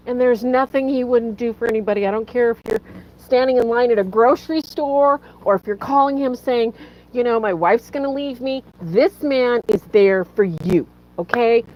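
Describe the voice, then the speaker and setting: A woman's voice: mid-range voice, darkish tone, slight background noise, poor audio. Woman, live-stream host, tearful, earnest, pleading. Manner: earnest, pleading, greets chat by name. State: tearful, fighting back tears. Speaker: livestream host. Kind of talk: emotional live-stream talk to viewers.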